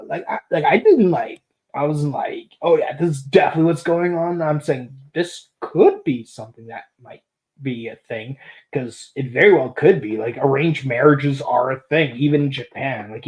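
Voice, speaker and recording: A young woman hosting a podcast, reviewing an episode casually, laughing often and acting out lines from the show. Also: rumbling low. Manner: animated, laughs often, acts out quoted lines. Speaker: podcast host.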